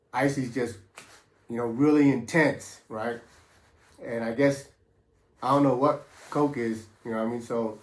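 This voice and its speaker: A middle-aged man casually recounting his past in a laid-back, streetwise way, full of slang and fillers. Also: mid-range voice. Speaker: former prisoner telling his story. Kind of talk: casual storytelling. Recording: roomy echo.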